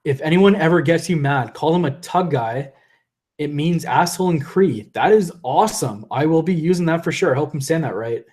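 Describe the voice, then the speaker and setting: A young man with a fairly high, darkish, animated voice speaks at normal speed during a relaxed live stream. Reading comments from viewers, he rambles, laughs often, restarts his thoughts, and sounds like he's losing his voice.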